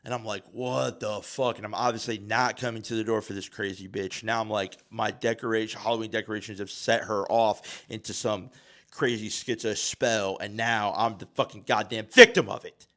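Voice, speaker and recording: A man in his thirties hosting a podcast, telling a story in a casual, profane way that swings from mumbling to loud. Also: on the low side, steady tone, a little fast. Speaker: podcast host.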